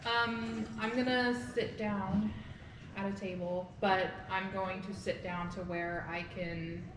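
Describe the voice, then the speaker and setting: A woman's voice: medium pitch, fairly even intonation, slow, noisy background. A woman playing a tabletop game, speaking tentatively with hesitations. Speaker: player. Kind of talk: tabletop role-play. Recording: roomy, distant mic, music behind.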